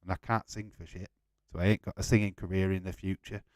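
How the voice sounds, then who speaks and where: A man's voice: deep voice, flat delivery, fast talker, darkish tone, no room sound, studio quality. A man hosting a live football watch-along, chatting casually, swearing and laughing as he goes.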